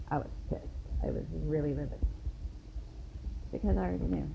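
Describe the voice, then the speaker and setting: A woman's voice: deep voice, a little fast, creaky, pauses often. Blunt, profane woman in her thirties. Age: 30s. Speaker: storyteller. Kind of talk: casual spoken storytelling. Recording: dull lo-fi recording, faint hiss.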